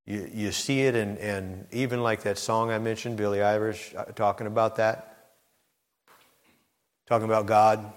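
A man's voice: fairly low pitch, little pitch movement, normal speed. Man preaching in a reverberant hall. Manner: preaching with surging intensity, rising to near-shouted emphasis. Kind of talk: sermon.

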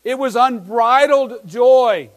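A man's voice: extremely high pitch, takes it slowly, rough recording. A pastor preaching an earnest sermon to his congregation, asking his listeners many questions.

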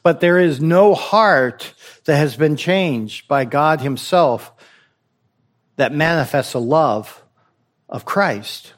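Slowly and expressively, in a fairly high voice, this pastor delivers his sermon. He urges the congregation forward, pressing his point with rhetorical questions and phrases repeated for emphasis.

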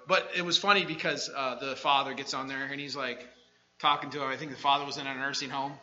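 A man preaching a sermon, swinging between quiet asides and loud shouted bursts. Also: medium pitch, steady tone, fast talker. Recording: dull lo-fi recording.

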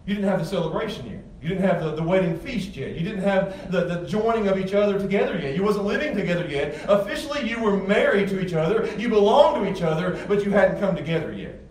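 A man's voice: high voice, animated, quick pace, few pauses, darkish tone. A male pastor giving a sermon, talking to the congregation in an emphatic, conversational way with frequent restarts. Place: church sanctuary with congregation. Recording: echoey room, far from mic, faint ambience.

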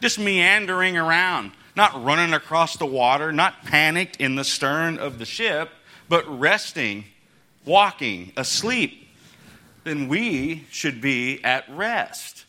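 A man's voice: on the high side, animated, slow, bright, forceful tone. A man preaching a casual, conversational sermon as pastor, chuckling between points and acting out the quotes in his story.

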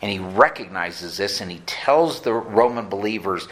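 A man preaching a sermon in a bright, forceful voice. He speaks earnestly and draws out his words for emphasis. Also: on the low side, expressive, normal speed, hardly any pauses. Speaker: pastor.

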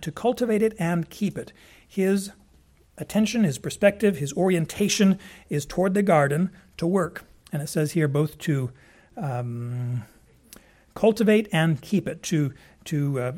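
A man teaches a passage like a sermon in a loose, conversational way, going back over words and adding asides. His voice sits a little high for a man. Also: darkish tone. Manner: conversational, with frequent restarts and asides. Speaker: preacher.

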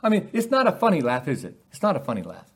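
A man preaching a sermon, posing rhetorical questions and acting out quoted lines with animated emphasis. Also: fairly high pitch, fast talker, breathy edge.

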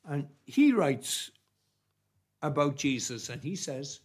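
Slow emphatic preacher. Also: male voice, fairly high pitch, very animated. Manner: emphatic, repeating phrases with long pauses. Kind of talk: sermon.

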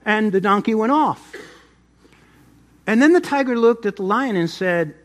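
A middle-aged pastor preaching a sermon, swinging between loud emphasis and soft asides. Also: male voice, high-pitched, animated, a little fast.

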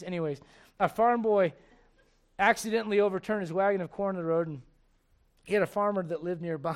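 A male pastor with a notably high voice delivers a lively sermon. He jokes with the congregation and slips into acted-out voices, animated throughout. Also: fast talker, clean tone. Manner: animated, joking, acts out voices.

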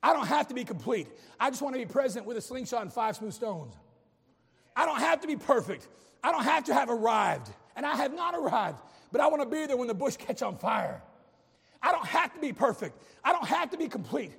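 High, gravelly preacher man. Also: very animated, a little fast, fairly bright tone, in a large hall. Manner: impassioned preaching with humorous asides. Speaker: pastor. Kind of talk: sermon.

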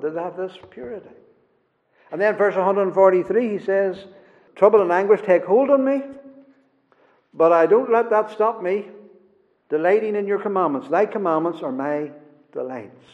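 A man preaching a sermon in an earnest, emphatic way, his phrases often falling soft at the end. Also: moderate pace, pauses often. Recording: echoey hall, dull low-fi sound.

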